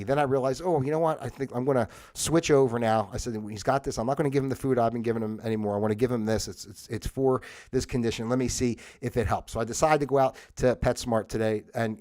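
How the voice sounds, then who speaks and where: A man hosting a livestream, talking in a rambling, conversational way and getting worked up and exasperated, with laughs between his points. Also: mid-range voice. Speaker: livestream host. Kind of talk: casual monologue. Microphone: livestream microphone.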